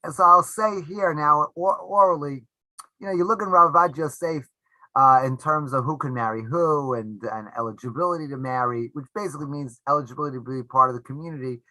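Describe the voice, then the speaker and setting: A man, a rabbi and author, answering interview questions in a halting, chatty way with frequent restarts and laughs. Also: on the high side, pushed and bright, dry recording, rough recording.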